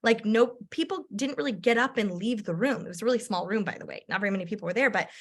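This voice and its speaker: A woman, a direct-sales entrepreneur, telling a personal story in a chatty, animated way with lots of filler words. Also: medium pitch, quick pace.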